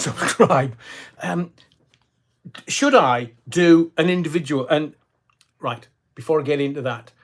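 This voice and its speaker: Older guy chatting on his stream, bit high voiced, jokes around, rambles on with lots of ums. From Scotland. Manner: chatty, jokey, rambling with many fillers. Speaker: livestream host reading viewer comments. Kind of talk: casual chat.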